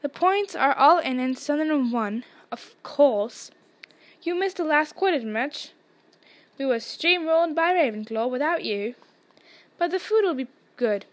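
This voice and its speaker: A woman's voice: high voice, lively intonation, a little slow, no room sound. A woman voicing a blunt, chatty young schoolboy.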